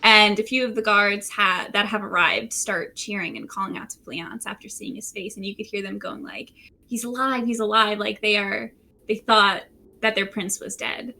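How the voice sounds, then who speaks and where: A woman narrating a tabletop game as game master, telling the scene in a relaxed way with frequent fillers, recorded at home. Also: medium pitch, moderate pace, vocal fry. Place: room at home by a window.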